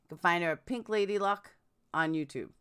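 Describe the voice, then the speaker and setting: A woman's voice: lowish voice, brisk, fairly bright tone, clean tone. A woman hosting a casual live stream, chatting and answering viewers' comments. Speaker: true crime live streamer.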